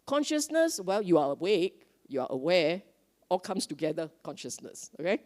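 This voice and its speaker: Speaking at normal speed in a voice on the low side, a woman leads a dharma talk at a Buddhist retreat. She keeps it lively and conversational, frequently asking the audience questions.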